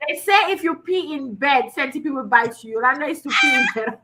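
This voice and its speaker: A woman co-hosting a casual talk show, teasing her co-host with quick quips. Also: high-pitched, expressive, noisy background.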